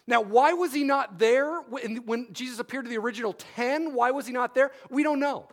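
A man's voice: very high voice, brisk. A man preaching a sermon, repeating key phrases for emphasis and adding wry humorous asides.

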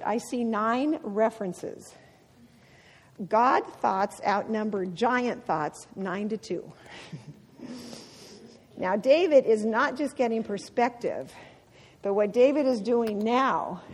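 A middle-aged woman giving a devotional talk full of personal stories, laughing often as she tells them. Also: mid-range voice. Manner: laughs often, animated storytelling. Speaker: women's ministry speaker. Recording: long hall reverb.

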